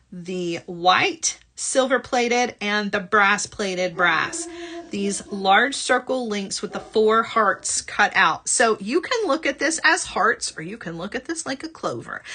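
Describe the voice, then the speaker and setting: A chatty woman hosts a live sales show with a bright, forward tone. She talks in an upbeat, conversational way, often checking in with "right?" and pitched at a middle level for a woman. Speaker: host of a live shopping show. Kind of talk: live jewelry-supply sales chat.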